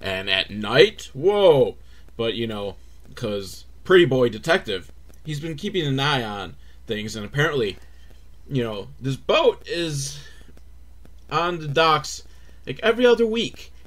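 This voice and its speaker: A man hosting a comedic movie recap, rambling and sarcastic, acting out characters in squeaky voices. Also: big pitch swings, measured pace, a bit bright.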